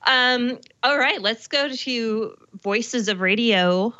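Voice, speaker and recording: A woman's voice: on the high side, slow, bright, forceful tone, no room sound, dull audio. A woman in her forties from Colorado, co-hosting a show in casual chat, talking chattily with many fillers. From Colorado, USA. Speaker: show co-host.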